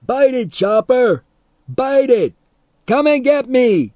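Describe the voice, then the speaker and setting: A man voicing a wild teenage boy who cackles and taunts in a much higher pitched voice. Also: expressive, slow, dark tone, dry recording, studio quality, heavily acted. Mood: taunting. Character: wild, mocking teenage boy with a crazy laugh.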